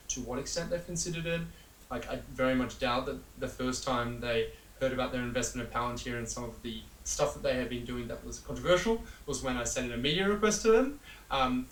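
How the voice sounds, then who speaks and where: A man's voice: mid-range voice, a bit bright. A man working as a journalist explains his reporting in a rambling, conversational way, full of fillers and little asides. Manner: rambling with many fillers, laughs at absurdity. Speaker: journalist being interviewed. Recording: roomy echo, distant mic, faint hiss.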